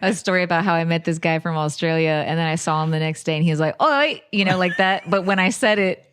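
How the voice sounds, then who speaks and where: A woman's voice: fairly low pitch, fairly even intonation, fast talker, clean tone. A young woman with a Southern US accent co-hosting a casual relationship chat, playful and teasing. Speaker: podcast co-host.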